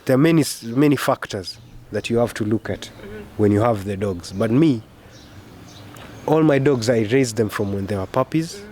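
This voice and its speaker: A man's voice: mid-range voice, animated, moderate pace, mellow, slight background noise. A man, a dog owner, talking casually in an interview, plain and matter-of-fact, repeating himself for emphasis. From Kenya.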